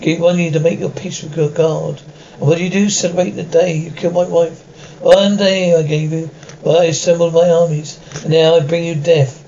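A man voicing a gravelly vengeful vampire lord Dracula. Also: a little high, flat delivery, mellow, lo-fi sound, slight background noise, natural voice. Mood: menacing. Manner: slow, commanding threats. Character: vengeful grieving vampire lord, cold and menacing.

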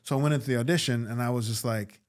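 Animated man telling a story. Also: medium pitch, very fast. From New York. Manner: animated, acts out quoted voices, swears freely. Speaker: guest, actor and comedian. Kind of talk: casual storytelling.

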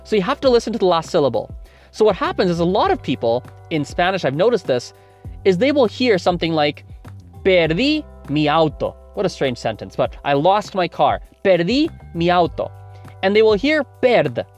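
A man's voice: high-pitched, very animated, fairly quick, darkish tone, faint music behind. A man hosting a language-learning podcast, explaining casually and correcting himself as he goes. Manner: chatty, explains with self-corrections and examples. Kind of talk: casual spoken lesson.

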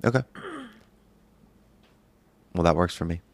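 Deep gravelly man in his twenties. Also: no room sound. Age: 20s. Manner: halting, soft-spoken, many pauses and fillers. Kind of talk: casual chat.

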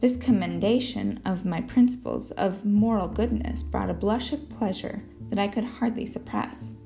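Female audiobook narrator, first-person storytelling, slight fry, faint guitar. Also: medium pitch, sing-song, moderate pace, warm tone. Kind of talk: scripted narration.

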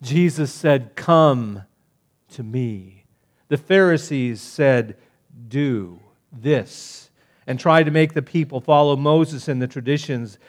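A man delivers a sermon slowly in a mid-range voice, swinging between loud, emphatic declarations and hushed, gentle appeals.

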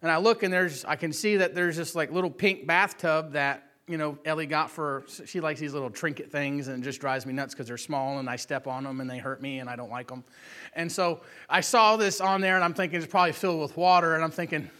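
A man in his thirties tells a family story with a high voice. His tone is bright and forceful. He keeps checking in with the listener with a quick "right?". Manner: animated storyteller, often asks "right?". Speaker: father telling a family story. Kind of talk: casual personal anecdote.

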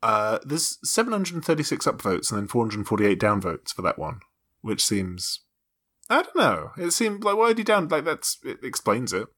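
A man's voice: medium pitch, very animated, moderate pace, a bit bright. A man co-hosting a podcast, joking and rambling in casual chat. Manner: jokey, rambling, interrupts often. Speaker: podcast co-host.

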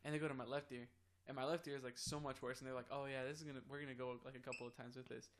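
A man's voice: mid-range voice, flat delivery, very fast, a bit bright, slight background noise. A young man co-hosting a casual podcast chat, rambling through a story and acting out what everyone said. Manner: rambling storyteller, acts out quoted dialogue. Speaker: podcast co-host.

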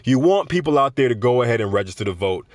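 Animated young man, dry close recording. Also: medium pitch, quick pace, dry recording. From Florida. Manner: animated storyteller, laughs often, repeats himself. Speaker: vlogger. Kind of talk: casual commentary.

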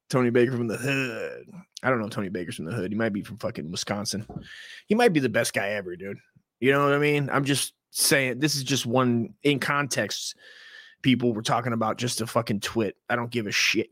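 A man's voice: medium pitch, fairly quick, fairly bright tone, dry recording. Profane rambling male podcast host, dry sound. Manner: rambling, profane, self-interrupting. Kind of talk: casual rant.

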